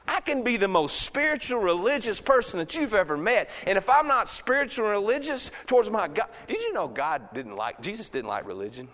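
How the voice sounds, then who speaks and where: Animated preacher man. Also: sits high, fairly quick, in a large hall. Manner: animated preaching, swinging from loud shouts to hushed asides. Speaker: pastor. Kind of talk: sermon. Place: church sanctuary.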